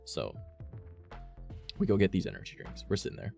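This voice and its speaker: A low, gravelly-voiced man rambles through a story on his livestream, swearing freely and swinging his pitch all over as he acts out what everyone said. He talks fast, and faint music plays behind him. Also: big pitch swings, darkish tone. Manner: rambling, profane, acts out quoted lines. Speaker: streamer. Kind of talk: casual chat, storytelling.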